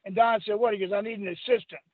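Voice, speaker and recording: A man's voice: sits high, steady tone, very fast, no echo. An older man, a former wrestler being interviewed, telling a long rambling story and laughing as he acts out what people said. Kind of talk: storytelling anecdote. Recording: phone-line audio.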